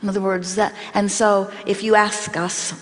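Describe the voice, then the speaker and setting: Woman, inspirational workshop talk, speaks as "we", measured, emphatic, long reverb. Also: medium pitch, level tone. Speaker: channeled spiritual teacher speaking as a collective.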